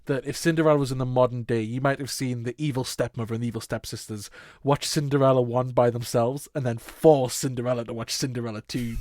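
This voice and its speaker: A man's voice: medium pitch, lively intonation, brisk, crowd noise. A young man co-hosting a casual podcast, sarcastic and sweary, laughing often. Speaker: podcast co-host. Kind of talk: casual chat.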